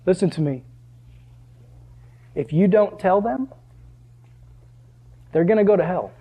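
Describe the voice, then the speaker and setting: A man preaching a sermon to a live audience in church, animated and often asking the crowd questions. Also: sits high, slow, slightly rough, phone-quality sound. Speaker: pastor.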